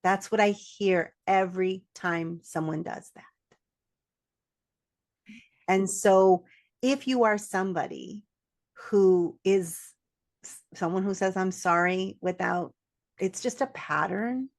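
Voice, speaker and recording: A woman's voice: mid-range voice, takes it slowly, long pauses. A woman co-hosting a podcast, talking in an emphatic, candid way and often laughing between points. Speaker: podcast co-host. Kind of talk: casual podcast conversation.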